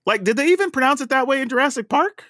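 A man with a Southern US accent talks through a casual podcast chat, his pitch swinging widely as he tells a story. He sounds chatty and often laughs mid-thought. The recording is dry and close, with no room echo. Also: lively intonation, fast, bright, forceful tone. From American South. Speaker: podcast co-host.

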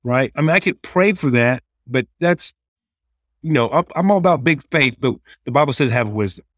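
A man talks in an earnest, practical way, often slipping into little acted-out quotes of prayers and teenagers. His voice sits at a middle pitch for a man, and the sound is dry and close, with no room around it. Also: animated, normal speed, fairly bright tone, no room sound. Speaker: youth ministry leader. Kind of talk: casual podcast advice.

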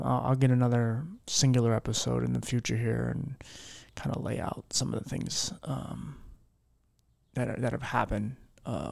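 A worn-down man talks to his podcast listeners from home, rambling candidly with plenty of fillers and restarts. His voice has a gravelly fry, and the room sounds dry and close. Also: medium pitch, darkish tone, no room sound. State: low-spirited and worn down. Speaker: podcast host. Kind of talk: candid solo podcast chat.

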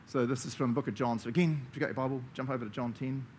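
A man's voice: mid-range voice, fairly even intonation, very fast, darkish tone, a little hiss or hum. A man with a New Zealand accent preaching a conversational sermon, enthusiastic and chatty, laughing often as he talks. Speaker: pastor.

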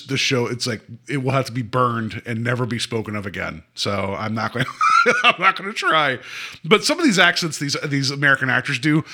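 Recapping a TV episode in casual conversation, a podcast co-host speaks in a bright, forceful, medium-pitched voice. He laughs a lot and leans on many fillers.

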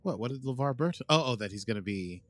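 A man's voice: mid-range voice, expressive, fast talker, a bit bright, no room sound. A man co-hosting a podcast, joking dryly in casual chat and recapping an episode's plot. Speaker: podcast co-host.

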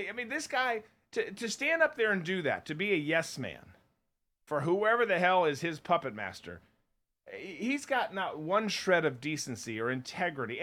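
Ranting high bright-voiced man. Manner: ranting, blunt, sarcastic. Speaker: podcast co-host. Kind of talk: political commentary chat.

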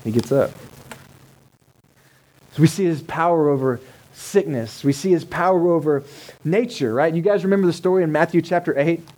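Mellow-voiced pastor preaching casually. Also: male voice, fairly high pitch, moderate pace, long pauses, poor audio. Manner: conversational, asks the congregation rhetorical questions. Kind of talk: sermon. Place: church service held in a cinema.

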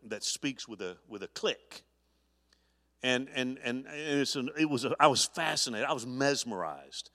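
A man's voice: medium pitch, a bit bright. A middle-aged man, a pastor, preaching an earnest sermon, often restarting his sentences as he talks. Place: church sanctuary. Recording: long church reverb.

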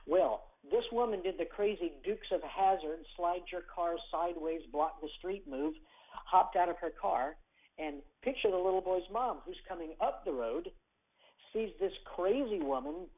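Animated storyteller over a tinny phone line. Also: mid-range voice. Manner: acts out quoted characters, varies loudness and pace. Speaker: radio guest telling a story. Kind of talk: animated storytelling on a call-in show. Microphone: telephone.

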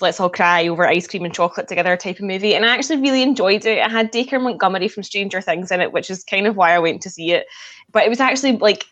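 A woman's voice: medium pitch, a bit bright. A woman hosting a casual chat, talking bluntly and swearing now and then.

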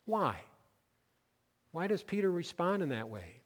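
A male pastor preaching a sermon, swinging between loud emphatic declarations and quiet asides. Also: sits high, big pitch swings, unhurried, big-room sound.

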